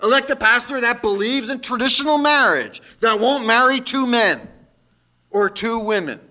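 A man preaching a sermon as pastor, moving between loud shouted calls and quiet asides. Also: extremely high pitch, lively intonation, normal speed.

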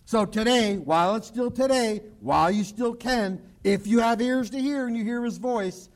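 A man preaching a sermon in a high voice. He talks emphatically and keeps repeating himself, and now and then he drops low and quiet for an aside. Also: normal speed. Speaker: pastor. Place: church broadcast on radio and online.

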